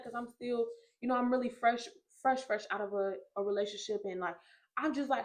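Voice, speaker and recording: A woman's voice: fairly high pitch, moderate pace, poor audio. A young woman hosting a faith podcast, telling a personal story in casual chat and acting out the quotes. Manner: animated storyteller, acts out quotes. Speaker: podcast host.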